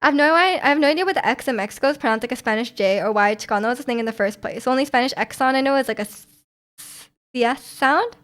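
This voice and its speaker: A woman's voice: high voice, fast, fairly bright tone. A young woman streaming, chatting casually with viewers and reading their comments, rambling with frequent ums and restarts, her voice slightly sore.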